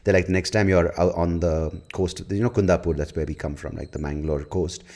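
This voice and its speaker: Male podcast host, low pitch, playful and quick to laugh. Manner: joking, laughs a lot, animated. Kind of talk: podcast interview.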